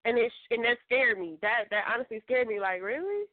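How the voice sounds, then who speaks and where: A woman guest author telling a story in a casual, animated way, laughing and acting out what others said. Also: a little high, a little fast, dry recording. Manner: animated, laughing, acts out quoted voices. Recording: tinny phone line.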